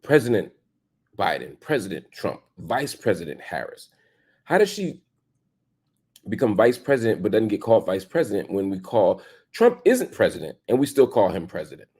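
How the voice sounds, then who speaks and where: A man's voice: sing-song, normal speed, a little mellow, slightly rough. A man hosting an opinion commentary show, arguing emphatically with rhetorical questions and casual slang. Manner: emphatic, rhetorical questions, pitch jumps for stress.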